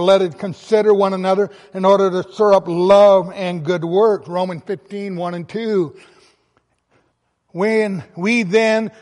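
A man's voice: high-pitched, a little mellow, long reverb tail. A man preaching a sermon, reading scripture aloud and stressing key words with emphasis. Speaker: pastor.

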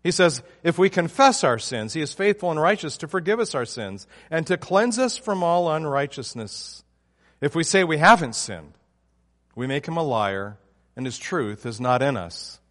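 A man's voice: on the high side, big pitch swings, moderate pace, a bit bright, long reverb tail. A man preaching a sermon, emphatic and often restarting his phrases. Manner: emphatic, with frequent restarts and fillers.

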